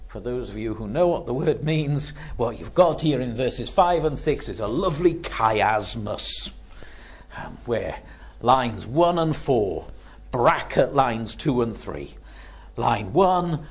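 A man's voice: medium pitch, animated, slow pace, slightly rough, lo-fi sound. A man preaching an expository sermon on a psalm, building to fervent emphasis.

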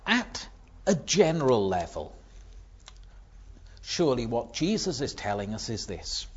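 A man preaching a sermon, swinging from loud emphatic lines to hushed, near-whispered ones. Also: mid-range voice, big pitch swings, unhurried, husky, dull audio.

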